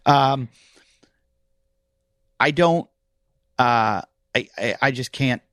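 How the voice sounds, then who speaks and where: A man hosting a podcast at a gym, telling restless, animated stories in casual chat, with plenty of swearing. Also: medium pitch, extremely slow, no room sound, clean studio sound. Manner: animated, profane, restless storytelling. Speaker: podcast host. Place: CrossFit gym.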